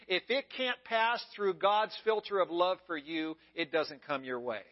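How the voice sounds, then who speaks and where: A man's voice: sits high, measured pace, few pauses. A male pastor preaching a sermon in an emphatic way, repeating key phrases, on a dull lo-fi recording.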